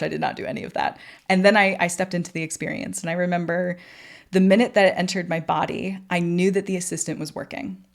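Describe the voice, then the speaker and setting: Woman host, lowish voice, candid storytelling, laughs and swears freely. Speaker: podcast host. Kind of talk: personal storytelling.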